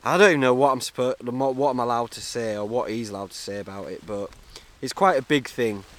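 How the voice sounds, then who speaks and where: A man's voice: medium pitch, a little fast, a bit bright. A young man, rambling jokily through a solo podcast from inside a tent, talking into a camera-mounted mic. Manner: jokey, chatty, self-mocking. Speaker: podcast host.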